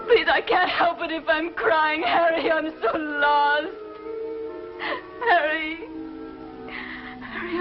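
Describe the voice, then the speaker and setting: A lonely woman pleads tearfully down a phone line, stammering and breaking off mid-sentence, as an actress plays her. Her voice sits high. It comes through a muffled, dull old television soundtrack with music clearly underneath. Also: natural voice. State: crying. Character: lonely woman begging an estranged lover on the phone. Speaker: distraught caller. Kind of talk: 1950s television drama acting.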